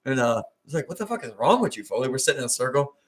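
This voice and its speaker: A man's voice: mid-range voice, very animated, rapid-fire. A man with a Baltimore accent, co-hosting a podcast, telling a story in loose casual chat, acting out his friends' lines and laughing often. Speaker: podcast co-host.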